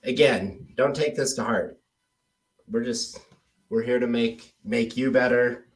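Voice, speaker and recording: A man talking through sales scripts with a trainee in a relaxed, conversational way. He speaks at an ordinary middle pitch. The recording sounds roomy, with a noticeable echo. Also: measured pace, recorded from a distance, slight background noise. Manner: relaxed, demonstrates tone with example phrases. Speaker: sales coach. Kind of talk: casual one-on-one coaching.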